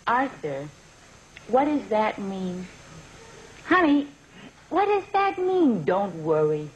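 A woman's voice: medium pitch, very animated, slow pace. A woman playing a doting, guilt-tripping older mother on the phone in a comedy sketch, with a sing-song, pleading, melodramatic manner. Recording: dull vintage recording with hiss.

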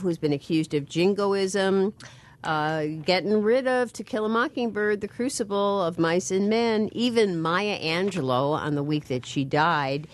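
A woman hosting a radio call-in show, briskly moving between callers and guests. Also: lowish voice.

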